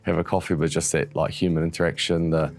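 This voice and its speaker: A man, a rugby player, telling a story in relaxed casual chat with many fillers. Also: very deep voice, fast, vocal fry.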